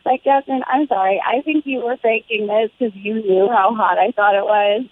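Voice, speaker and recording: A woman's voice: mid-range voice, moderate pace, no room sound. Accusing American woman on the phone. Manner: indignant, accusing. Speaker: caller. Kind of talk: casual phone chat. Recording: tinny phone line.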